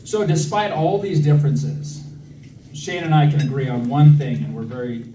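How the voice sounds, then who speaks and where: A man's voice: on the high side, moderate pace, background noise. A man in his thirties giving a wedding speech for his brother, joking and self-deprecating, with many fillers and restarts. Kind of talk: wedding toast. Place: wedding reception hall. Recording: echoey hall from far off, loud crowd ambience.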